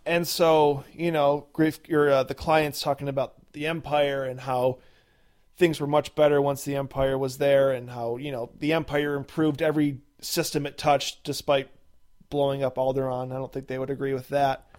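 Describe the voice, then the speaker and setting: A man's voice: medium pitch, little pitch movement, normal speed, darkish tone. A man co-hosting a podcast, recapping a TV episode in casual chat with lots of fillers and restarts.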